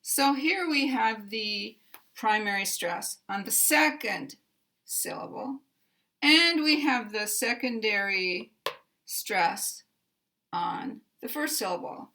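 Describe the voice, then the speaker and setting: Slow, bright-voiced American woman teaching. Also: on the high side, lively intonation. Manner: deliberate, carefully enunciated, repeats example words. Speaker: pronunciation teacher. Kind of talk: slow instructional explanation.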